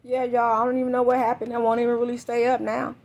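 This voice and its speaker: A woman's voice: a little high, completely flat delivery, fast talker, darkish tone. A woman giving a casual live tarot reading into a phone, blunt, profane and fired-up as she talks to viewers. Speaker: tarot reader.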